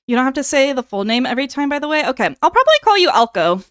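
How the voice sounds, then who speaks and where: Young woman streamer, high lively voice, smooth tone, dry close mic, playful. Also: fast talker, dry recording. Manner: playful, dramatic begging bits. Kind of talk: casual live-stream chat with viewers.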